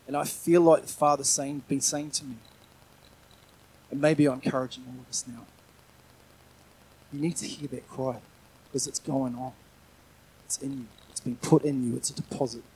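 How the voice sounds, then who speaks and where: A man's voice: mid-range voice, steady tone, moderate pace, long pauses, darkish tone, husky, low-quality recording. A middle-aged man preaching a sermon in a conversational, earnest way, often restarting his sentences and adding asides.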